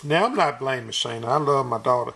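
A man's voice: mid-range voice, animated, brisk, creaky, sharp tone. A man preaching a sermon in an earnest, folksy, repetitive way, restarting his phrases often.

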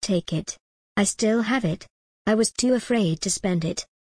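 A woman's voice: mid-range voice, unhurried, darkish tone, husky, no echo. A woman reading as a guilt-ridden nervous man. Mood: pleading. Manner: trembling, pleading.

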